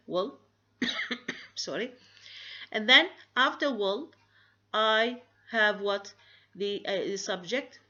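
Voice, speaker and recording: A woman giving a recorded grammar lecture, pausing often and asking rhetorical questions. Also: medium pitch, sharp tone. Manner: halting, many fillers and restarts, rhetorical questions. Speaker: grammar teacher. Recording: dull lo-fi recording.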